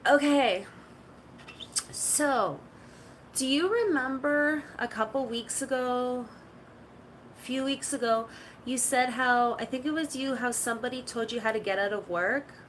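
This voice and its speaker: Woman streamer, casual and chatty, meandering anecdotes, a bit high-pitched, faint hiss behind. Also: a little slow, a bit bright, poor audio. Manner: rambling storytelling, full of "like". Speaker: live streamer. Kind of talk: casual chat to stream viewers.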